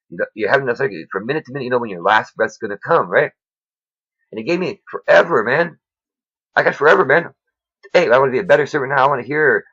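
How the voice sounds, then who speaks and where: Man, self-made video preacher, rambling and preachy, quick husky delivery, dry dull recording. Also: medium pitch, a bit bright, dry recording. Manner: rambling, preachy, says "man" and "right?" a lot. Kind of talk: informal religious monologue. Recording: dull lo-fi sound.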